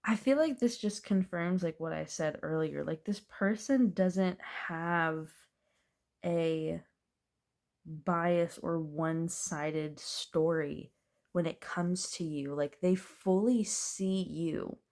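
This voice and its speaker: A woman's voice: fairly low pitch, slow pace, darkish tone. A woman doing a casual, chatty tarot reading, thinking aloud as she turns the cards and laughing now and then. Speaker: tarot reader.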